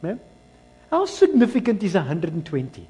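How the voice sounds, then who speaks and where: South African man, pastor, fairly high voice, sermon, bursts loud then drops quiet. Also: huge pitch swings, normal speed, rough recording. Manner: dramatic swings between loud exclamations and low, quiet asides; switches between English and Afrikaans phrases.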